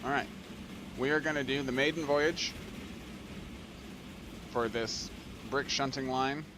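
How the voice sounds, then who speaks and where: An excitable man narrating his own gameplay, gushing over the scenery and laughing as he goes. His voice sits at an ordinary middle pitch. A steady background noise runs under the recording. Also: slow pace. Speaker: let's play host. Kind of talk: gameplay commentary.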